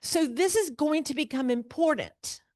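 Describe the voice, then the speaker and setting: A woman's voice: high-pitched, expressive, normal speed, darkish tone, no echo, clean studio sound. A woman teaching an adult church class on a novel. She talks animatedly, questions her students and pokes fun at wordy passages. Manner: mocks long-winded speech with playful asides. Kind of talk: literature class lecture.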